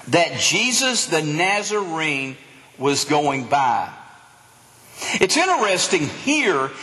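Animated preacher in a reverberant hall. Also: male voice, high-pitched. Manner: animated preaching, acts out crowd voices. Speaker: pastor. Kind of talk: sermon.

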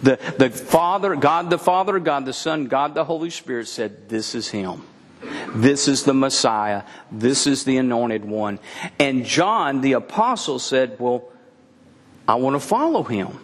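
A man's voice: mid-range voice, measured pace. Man preaching a sermon in a reverberant hall. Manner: animated storytelling, acting out dialogue. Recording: long reverb in a large room.

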